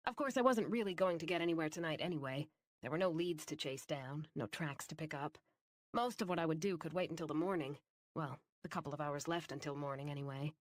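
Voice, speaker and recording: Audiobook narrator: woman, first-person fantasy read, low-ish voice, wry, dead-dry booth sound. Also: fairly quick, dry recording.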